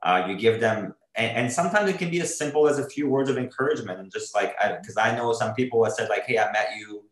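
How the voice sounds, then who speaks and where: A man's voice: medium pitch, animated, fast talker, roomy sound, low-quality recording. A man in an interview, talking earnestly and rambling, with many fillers and restarts as he searches for words. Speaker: drummer being interviewed. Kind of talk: casual interview talk.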